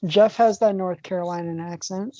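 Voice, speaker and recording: A chatty woman co-hosts a casual podcast, laughing often. Her voice is low and mellow. It sounds close and dry, with no room echo. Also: steady tone, moderate pace, dull audio. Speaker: podcast co-host. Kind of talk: casual wrestling chat.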